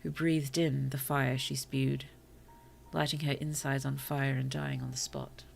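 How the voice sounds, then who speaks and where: A woman streamer reading short stories aloud to her chat, slow and careful, with apologetic asides between passages. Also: very deep voice, level tone, creaky, darkish tone, slight background noise. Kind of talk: story reading on a livestream.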